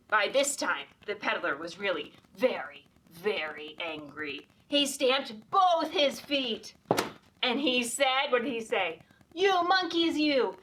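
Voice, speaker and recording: A woman's voice: high voice, bright, forceful tone, a little hiss or hum. A woman reading a picture book aloud to children as a librarian, often asking them questions and inviting them to join in, heard from a little distance. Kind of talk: children's storytime read-aloud.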